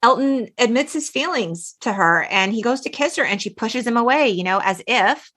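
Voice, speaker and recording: Lively bright-voiced woman host. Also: on the high side, moderate pace. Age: 40s. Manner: animated, quotes characters in bursts, laughs often. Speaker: podcast host. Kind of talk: casual chat recapping a film.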